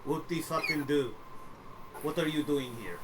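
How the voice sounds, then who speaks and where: A man voicing a gruff, wary orc woman bouncer who speaks in terse broken phrases. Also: fairly high pitch, a little slow, noisy background, lightly acted. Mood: curt.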